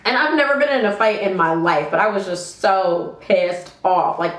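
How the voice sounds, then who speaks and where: Young woman vlogger, casual storytime delivery, expressive and profane, echoey room. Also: mid-range voice, moderate pace. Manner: animated, expressive, swears freely, addresses viewers directly. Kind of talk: storytime vlog, casual retelling. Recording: roomy echo.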